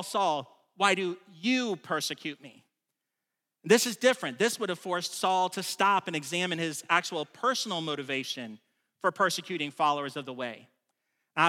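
A pastor delivers a sermon in a high, bright, forceful voice, staying relaxed and conversational while emphasizing key points. He frequently stumbles and restarts, and the large room gives his voice a long reverb.

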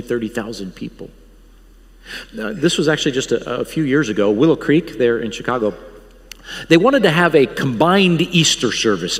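A man who leads a Bible college, preaching a guest sermon with earnest, emphatic appeals and frequent restarts. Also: medium pitch. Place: church sanctuary. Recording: long church hall reverb.

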